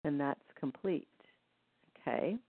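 A woman's voice: low voice, takes it slowly, no echo. Woman counting waltz beats over a phone line. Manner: gentle, counts rhythms aloud. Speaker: energy healing practitioner. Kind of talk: guided healing session. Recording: dry, tinny phone-like line.

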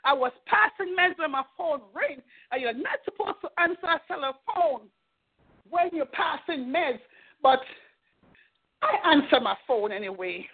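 A woman's voice: sits high, expressive, unhurried. A middle-aged woman minister giving an earnest, fervent testimony and exhortation on a prayer call. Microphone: telephone. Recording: tinny phone line.

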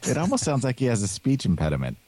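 A man's voice: mid-range voice, wildly swooping pitch, rapid-fire, warm tone, slight background noise. A man hosting a podcast in casual chat, rambling with many restarts and laughs. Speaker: podcast host.

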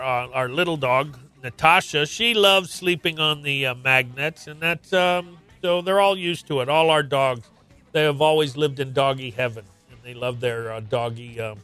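Bright, crisp-voiced male radio host. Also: medium pitch, unhurried, soft background music. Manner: chatty, with many fillers. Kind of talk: casual radio talk.

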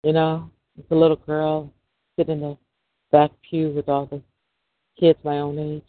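A man's voice: on the high side, monotone, normal speed, dry recording. A middle-aged man, a podcast host, giving a preachy religious monologue full of rhetorical questions. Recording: dry, tinny phone-line sound.

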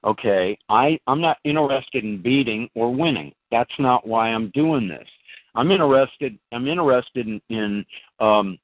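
A man's voice: medium pitch, no echo. A man hosting a talk show, commenting emphatically and speaking straight to the listeners. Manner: emphatic, addresses listeners as folks. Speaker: host. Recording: dry, phone-like line.

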